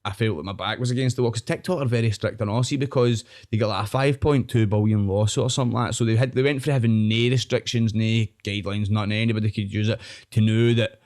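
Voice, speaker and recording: A man's voice: on the low side, steady tone, fast talker, hardly any pauses, a little mellow. A young Scottish man, a podcast guest, rambling in casual chat and often tagging his sentences with "know what I mean".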